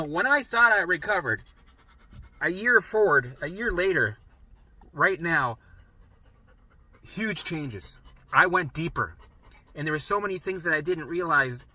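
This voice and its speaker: A man's voice: on the high side, bright, forceful tone, breathy edge, dry recording. A middle-aged man coaching listeners on recovery in an emphatic monologue, often tagging sentences with "right?" and swearing casually. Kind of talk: motivational monologue.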